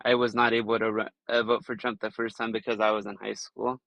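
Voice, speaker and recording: Brief: young male caller, gravelly, dry close sound, flat evasive trolling replies. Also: on the low side, a little fast, dry recording, lo-fi sound. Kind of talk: live stream debate.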